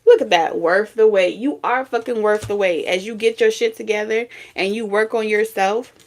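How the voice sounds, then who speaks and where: A woman reads tarot cards in a vlog. Her talk is blunt and profane, scolding and full of repeated punchy phrases, in a voice of middling pitch. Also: moderate pace, darkish tone. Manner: blunt, profane, scolding street talk with sudden laughs and singing. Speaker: tarot reader.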